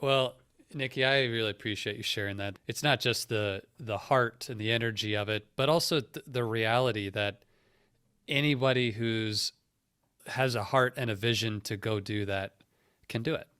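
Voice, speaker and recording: A man's voice: lowish voice, normal speed, pushed and bright, clean tone, no echo, studio quality. A man hosting a podcast interview, earnest and encouraging as he sums up. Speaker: podcast host. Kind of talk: interview host chat.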